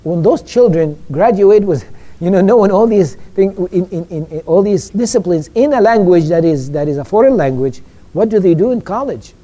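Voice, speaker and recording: In an animated, mellow, high voice, a man lectures informally on religious education. He speaks haltingly, repeating words as he goes and frequently asking his listeners "okay?".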